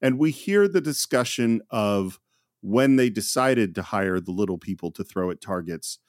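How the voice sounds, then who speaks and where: Brief: male film podcast host, emphatic and animated, dry close mic. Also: fairly low pitch, normal speed, no room sound. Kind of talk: casual chat.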